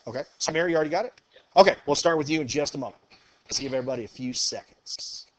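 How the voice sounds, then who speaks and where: Upbeat male math teacher, slightly high voice. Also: rapid-fire. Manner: upbeat, encouraging, thinks aloud. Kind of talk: classroom lecture. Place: classroom.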